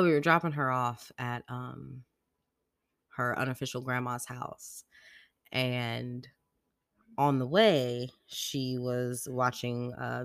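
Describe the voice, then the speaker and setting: Chatty young mom telling stories. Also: female voice, very deep voice, creaky, no echo, studio quality. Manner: chatty storytelling, slangy, lots of "like". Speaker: podcast host. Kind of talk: casual chat.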